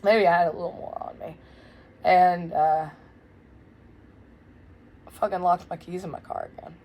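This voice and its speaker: A young woman telling a wild story in a casual, blunt, profane way, loud and animated. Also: on the low side, normal speed. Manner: blunt, profane, swears freely. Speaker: vlogger.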